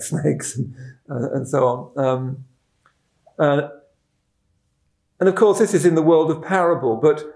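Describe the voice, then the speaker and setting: A middle-aged man, a Buddhist teacher telling a story in a dharma talk, halting and repeating words, chuckling at his own stories. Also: mid-range voice, darkish tone. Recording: roomy echoing room.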